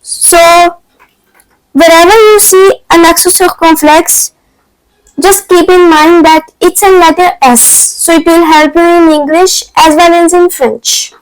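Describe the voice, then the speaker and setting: A woman's voice: very high voice, fairly even intonation, measured pace, no room sound, rough recording. A woman teaching an online French lesson, explaining patiently step by step in non-native English phrasing.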